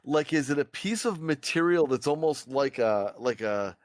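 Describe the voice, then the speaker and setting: Man podcast co-host, mid pitch, halting, careful, dry close sound. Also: animated, no echo. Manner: halting, careful questioner full of restarts. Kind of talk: casual podcast interview.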